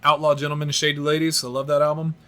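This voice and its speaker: A man hosting a podcast, telling stories in an animated, self-mocking way. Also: fairly high pitch, racing. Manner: animated storyteller, laughs at himself. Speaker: podcast host. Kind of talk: casual podcast chat.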